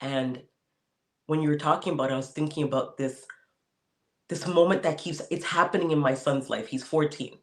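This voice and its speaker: A man hosting a podcast, talking casually and telling stories with animated, laughing energy. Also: fairly high pitch, normal speed. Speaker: podcast host. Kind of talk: casual conversation.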